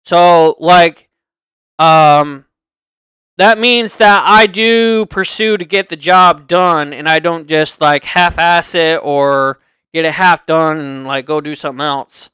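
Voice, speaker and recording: High, bright-voiced rambling streamer. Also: male voice, slow, clean tone, dry recording. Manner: rambling, circles back and repeats points. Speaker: livestream host. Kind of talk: casual unscripted chat.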